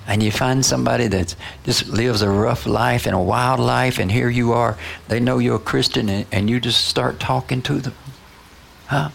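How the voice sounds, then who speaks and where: A man's voice: mid-range voice, fairly even intonation, unhurried, gravelly, long pauses, a bit bright, slight background noise. A man preaching a sermon, prodding his listeners with repeated "Huh?" and "you know" as he goes.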